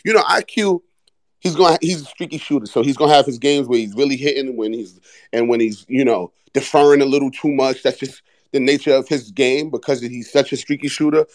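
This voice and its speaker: A young man, hosting a podcast in a casual, animated, profane fan rant about his team. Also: medium pitch, brisk, dry recording. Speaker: podcast host. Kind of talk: casual sports talk.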